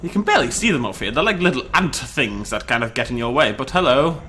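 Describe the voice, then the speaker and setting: A British man giving excited, chatty commentary on a dinosaur survival game, breaking into laughs and shouts. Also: medium pitch, fast, slight background noise. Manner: animated, shouts and laughs in bursts. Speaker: gameplay commentator. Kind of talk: excited let's-play commentary.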